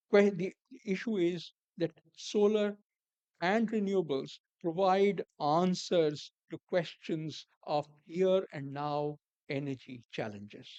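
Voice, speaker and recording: A man giving a formal conference keynote in a measured, deliberate way, repeating key words for emphasis and dropping the odd dry aside. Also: a little high, darkish tone, no echo, highs cut off. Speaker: keynote speaker. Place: conference hall.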